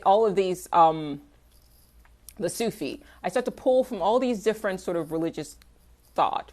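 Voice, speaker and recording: A young woman chatting candidly on a livestream, answering viewers' questions in a rambling, loose way and swearing freely. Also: lowish voice. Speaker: artist hosting a livestream. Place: home, livestream.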